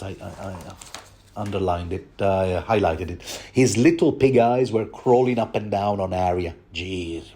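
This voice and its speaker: A man's voice: on the low side, darkish tone. A man hosting a rambling book commentary, talking digressively and addressing his listeners directly.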